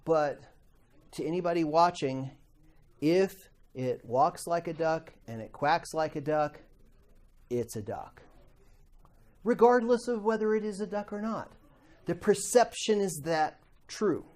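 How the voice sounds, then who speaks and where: A man's voice: a little high, lively intonation, measured pace, pauses often, a little mellow. A middle-aged man teaching a Bible class in a conversational way, asking the class questions and acting out quoted voices.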